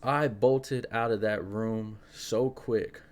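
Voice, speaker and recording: Young guy on his podcast telling a creepy story, kinda low voice, animated, says "like" a lot. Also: slow. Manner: animated, fillers like "like" and "yo". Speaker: podcast host. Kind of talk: casual spooky storytelling.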